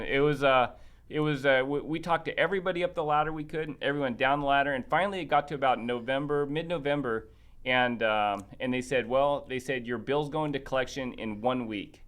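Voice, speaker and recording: A man of ordinary pitch, a podcast guest, tells a story in relaxed conversation. He is animated and plays out each quoted exchange himself. He stumbles through frequent restarts and fillers as he goes. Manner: animated, acts out quoted dialogue. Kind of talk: casual storytelling chat.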